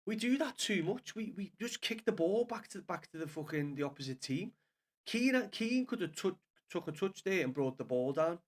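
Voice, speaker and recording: Man, scouse accent, fairly high voice, sweary, frustrated, rambling live match commentary, small home studio. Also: sing-song, normal speed. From Liverpool, England. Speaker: streamer watching a match live. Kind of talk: live watch-along commentary.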